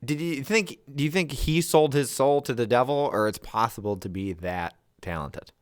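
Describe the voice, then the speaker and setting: A man's voice: medium pitch, moderate pace, clean tone, no echo, clean studio sound. A man co-hosting a casual podcast, rambling and swearing with many fillers. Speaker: podcast co-host. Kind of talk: casual chat. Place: home basement.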